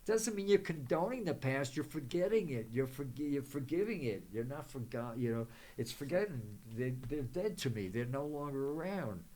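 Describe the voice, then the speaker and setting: A man hosting his own psychic show, rambling through spiritual advice full of fillers and restarts, with gentle affirmations and blessings for viewers. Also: medium pitch, expressive, moderate pace, few pauses.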